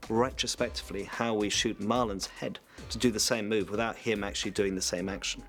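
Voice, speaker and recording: Low-voiced vfx guy walking through the tech calmly, faint music under it. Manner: measured, technical explaining. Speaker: visual effects supervisor. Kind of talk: behind-the-scenes interview. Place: visual effects studio.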